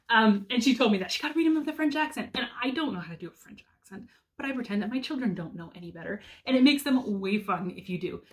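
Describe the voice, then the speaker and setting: A woman in her thirties chatting casually about favorite picture books, enthusiastic with frequent ums. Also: fairly high pitch. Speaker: homeschool mom reviewing picture books. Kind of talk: casual book recommendations.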